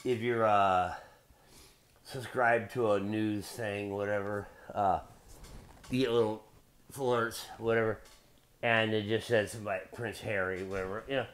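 A man's voice: lowish voice, fairly even intonation, measured pace, fairly bright tone. Profane rambling Midwestern man. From Belleville, Illinois. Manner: profane, rambling, goes off on tangents; loose, beer-drinking delivery. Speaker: video blogger host. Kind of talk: casual rambling monologue.

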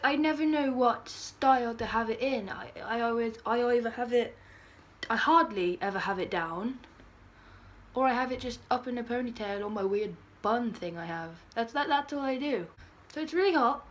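A woman's voice: on the high side, moderate pace. A teenage girl, chatting casually in a bubbly, giggly vlog style with dramatic outbursts. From United Kingdom. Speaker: vlogger.

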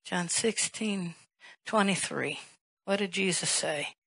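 A woman's voice: fairly low pitch, slow pace, gravelly, a bit bright, slightly rough, dry recording, poor audio. A woman pastor preaching a sermon in an emphatic way, firing rhetorical questions and rising to a raised voice.

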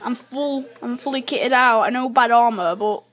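A woman giving chatty live commentary while playing a video game, talking to herself with excitable outbursts. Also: fairly high pitch, normal speed. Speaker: gamer.

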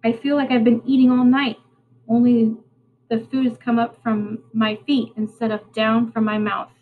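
A woman's voice: fairly high pitch, flat delivery, normal speed, phone-quality sound, natural voice. A woman voicing a rude, bossy boy who sneers and snaps orders, reading a storybook aloud. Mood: complaining. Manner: sneering, sharp-tongued.

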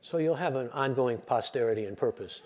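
A man's voice: medium pitch, fairly quick. An older man giving a lecture, telling jokes and acting out the voices in them. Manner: animated storyteller, acts out joke voices. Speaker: lecturer and radio host.

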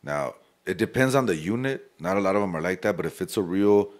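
A very deep, low-pitched male voice. He chats casually as a podcast guest, swearing freely and dropping Spanish slang into his stories. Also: lively intonation, brisk. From El Paso, Texas. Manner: profane, streetwise storytelling mixed with Spanish slang.

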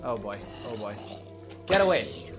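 A young man giving casual let's-play commentary, mumbling asides and bursting into loud yelps and cheers. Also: medium pitch, sing-song, unhurried, music in the background. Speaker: gaming commentator.

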